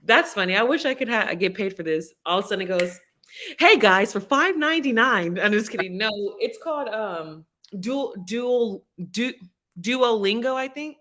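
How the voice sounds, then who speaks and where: A woman's voice: medium pitch, animated, moderate pace, fairly bright tone. A woman hosting a casual livestream chat, giggly and scattered, rambling from thought to thought. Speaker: livestream host.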